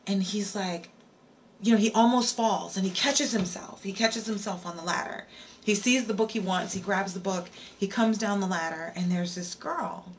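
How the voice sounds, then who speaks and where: A woman's voice: mid-range voice, normal speed, slight background noise. Chatty woman streamer telling a spooky story. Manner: casual, repeats lines, breaks off to answer chat. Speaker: live streamer. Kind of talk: storytelling on a livestream.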